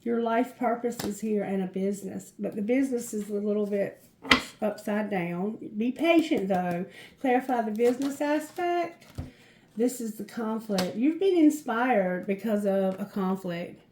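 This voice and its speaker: A woman's voice: mid-range voice, expressive, a little slow, reverberant, a little hiss or hum. A woman giving a chatty tarot card reading, effusive and laughing often. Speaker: tarot reader.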